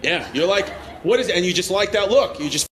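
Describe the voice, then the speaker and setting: A man's voice: high voice, lively intonation, fairly quick, a bit bright. A male stand-up comedian doing crude, laughing crowd work on a comedy club stage with a handheld mic. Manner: brash, crude, laughing teasing of audience members. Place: comedy club stage before a live audience. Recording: live club recording with crowd laughter and noise.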